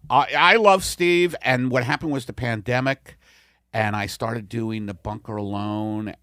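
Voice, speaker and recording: A man's voice: sits low, a bit bright, clean tone, dry recording, clean studio sound. A middle-aged man hosting a comedy podcast, rambling and self-deprecating, swearing freely as he chats. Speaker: podcast host. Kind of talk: casual comedy podcast chat.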